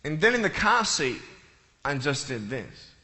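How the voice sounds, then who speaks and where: A man's voice: on the high side, sing-song, a little slow, heavy background noise. A man speaking to a live audience as a motivational speaker, telling playful stories and jokes. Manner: joking, playful storyteller. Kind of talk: comic talk to a live audience. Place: large hall with an audience. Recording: echoey hall with long reverb.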